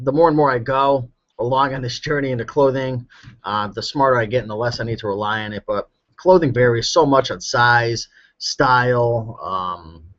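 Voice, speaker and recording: A man chatting casually on a live stream, answering viewer questions about reselling clothes, relaxed and full of ums, a bit hoarse. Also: mid-range voice, lo-fi sound. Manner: relaxed, chatty, with many ums and you-knows. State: slightly hoarse.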